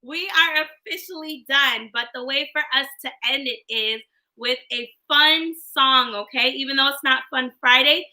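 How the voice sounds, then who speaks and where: A woman teaching a livestreamed phonics lesson to young children, in a slow, sing-song way. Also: high voice, pushed and bright. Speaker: kindergarten teacher.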